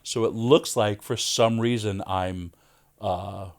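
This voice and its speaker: A man's voice: lowish voice, takes it slowly. A man, a wrestler guest on a podcast, telling stories in casual chat and acting out the lines of the people in them. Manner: animated storyteller, acts out quoted lines. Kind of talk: casual interview storytelling.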